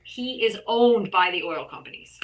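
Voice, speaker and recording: A woman's voice: mid-range voice, animated, moderate pace, low-quality recording. A woman guest, an artist and art teacher, speaking bluntly and emphatically in casual conversation, with frequent swearing.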